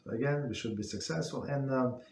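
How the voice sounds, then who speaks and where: Halting man teaching a Torah class. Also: medium pitch, a little mellow, reverberant, a little hiss or hum. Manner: halting, many fillers and restarts. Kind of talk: casual spoken Torah class.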